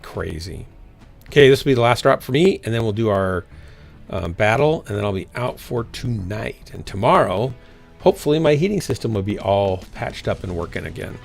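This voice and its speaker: A man's voice: mid-range voice, expressive, fairly quick, gravelly, faint music behind. A man streaming a game and telling a rambling story in casual chat, full of fillers and restarts. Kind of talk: casual chat while gaming.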